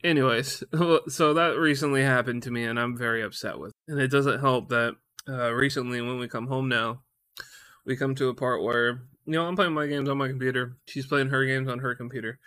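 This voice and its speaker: A young man tells a story in a loose, profane ramble. He trips over his words and restarts often, at a middle pitch with a dry, close sound. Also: steady tone, a little fast, pushed and bright, no room sound. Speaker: vlogger. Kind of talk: casual storytime rant.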